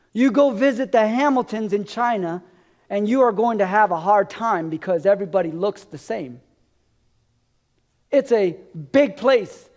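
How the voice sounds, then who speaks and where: High-voiced man preaching a sermon. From America. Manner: storytelling, dropping low and soft at line ends. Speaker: pastor. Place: church. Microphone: live-streamed stage mic.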